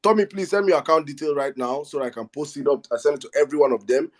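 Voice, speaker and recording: A man's voice: fairly high pitch, very fast. Nigerian guy hosting an online space, hyped up, keeps repeating numbers and begging people to buy. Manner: energetic, repetitive, pleading with listeners. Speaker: host of an online audio space. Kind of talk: excited live fundraising hype.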